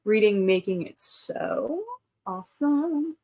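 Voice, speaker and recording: A woman's voice: mid-range voice, normal speed, fairly bright tone. Brief: woman, 30s, livestream host, casual and chatty, mid-range voice. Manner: chatty, reads out chat comments, frequent laughs. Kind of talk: casual live-stream chat.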